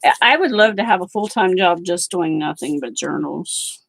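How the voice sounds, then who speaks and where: A woman's voice: on the low side, expressive, moderate pace, vocal fry, fairly bright tone, dry recording, rough recording. A middle-aged woman vlogging about crafts, chatting casually and telling stories in an outspoken way as she works. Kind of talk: casual chat while crafting.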